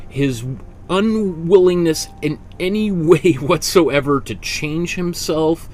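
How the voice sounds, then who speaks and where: A man's voice: fairly high pitch, a little mellow, a little hiss or hum. Chatty, rambling male art teacher. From Canada. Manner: rambling, self-correcting, chatty with frequent fillers. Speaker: art instructor. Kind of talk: casual teaching talk.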